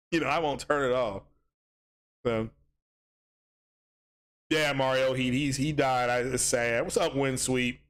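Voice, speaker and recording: A man's voice: mid-range voice, steady tone, slow, pauses often, fairly bright tone, clean tone. A man hosting a casual gaming livestream, rambling with many ums and restarts as he reads chat aloud.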